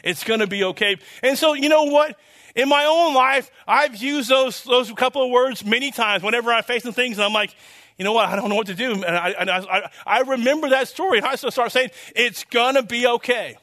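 A man's voice: very high-pitched, a little fast, sharp tone. A man preaching a conversational sermon, earnest and rambling, full of restarts and fillers, building to emphatic declarations. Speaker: pastor.

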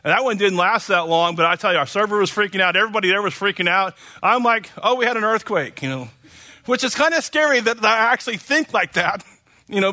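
A man's voice: extremely high pitch, pushed and bright. A man from Oklahoma preaching a casual sermon, rambling and chatty with many fillers and restarts.

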